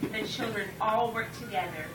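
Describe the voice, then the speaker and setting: A woman telling a folk tale live to an audience, expressive and shouting the story's commands. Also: mid-range voice, normal speed, background noise. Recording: roomy live recording from far off over loud music.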